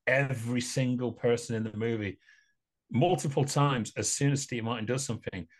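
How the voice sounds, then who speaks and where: A man's voice: medium pitch, normal speed. A man co-hosting a casual podcast, talking about films at length in a rambling, opinionated way with frequent laughter. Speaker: podcast co-host. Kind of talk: casual podcast film chat.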